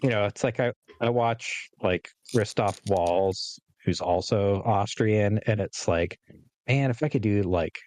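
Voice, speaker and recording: Low-voiced rambling man, dry sound. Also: measured pace, darkish tone, no room sound. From California. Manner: rambling, lots of "like" fillers, laughs often. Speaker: podcast co-host. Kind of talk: casual chat.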